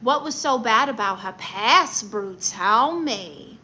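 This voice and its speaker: A brassy woman with a Brooklyn accent hosts a comedy livestream, reading viewer comments aloud and handing out blunt, sassy advice. Her voice sits fairly high and has a sharp, bright edge. A faint hiss runs under it. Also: lively intonation, takes it slowly. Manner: brassy, blunt and sassy, calls people honey. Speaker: livestream host giving comic advice.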